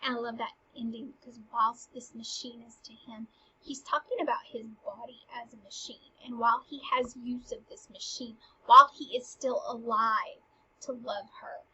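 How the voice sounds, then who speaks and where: A woman's voice: a little high, steady tone, normal speed, bright, forceful tone, breathy edge, poor audio. A young woman casually explaining a classic play and reading its lines with dramatic emphasis. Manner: chatty, dramatic, stresses quoted lines. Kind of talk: casual lesson with read-aloud quotes.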